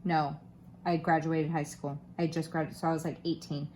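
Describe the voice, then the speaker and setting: A woman in her thirties or forties talks in a lower register with a slight Florida twang, wandering from thought to thought. She chats casually while crafting and pokes fun at herself. A faint background hiss runs under her voice. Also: level tone, moderate pace, dark tone. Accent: Southern US, Florida twang. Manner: rambling and self-deprecating, many fillers. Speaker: crafting vlogger.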